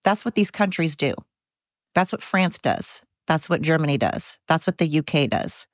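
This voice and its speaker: A woman from the United States rants on her own podcast, swearing freely and hammering her points with angry emphasis. Her voice sits a little low. The recording is dry and a bit dull, with a lo-fi edge. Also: animated, moderate pace, no echo. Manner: angry, profane, emphatic ranting. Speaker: podcast host. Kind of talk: solo podcast rant.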